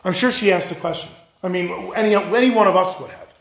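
A man's voice: high voice, fairly quick, creaky, fairly bright tone, roomy sound. A male pastor giving a sermon, earnest and emphatic, asking his listeners questions.

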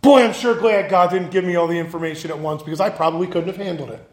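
Man, pastor, earnest sermon, emphatic, rhetorical questions, high voice, echoey room. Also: quick pace.

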